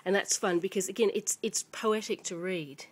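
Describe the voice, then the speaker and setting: A native English-speaking woman casually shows children's books to a camera mic at home, rambling chattily with lots of fillers and restarts. Her voice is medium-pitched with fairly even intonation at normal speed, and there's a little hiss or hum.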